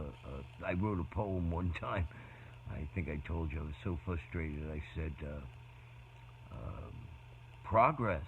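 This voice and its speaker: A man in casual, meandering talk about faith, often halting and restarting his sentences. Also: low voice. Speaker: speaker in a faith conversation. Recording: dull lo-fi sound with faint noise.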